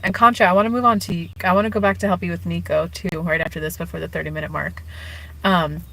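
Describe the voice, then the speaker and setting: A woman's voice: mid-range voice, fairly bright tone, poor audio. A woman giving relationship advice on a live stream in a casual, chatty way, full of "like" and "you know", and acting out quoted speech. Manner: acts out quoted speech in changed voices. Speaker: relationship and spiritual coach.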